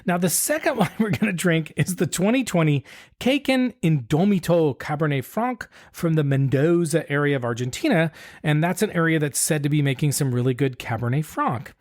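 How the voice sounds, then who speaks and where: A man's voice: a little high, expressive, normal speed, darkish tone. A man co-hosting a podcast in casual chat, explaining things in a laid-back, detailed way. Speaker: podcast co-host.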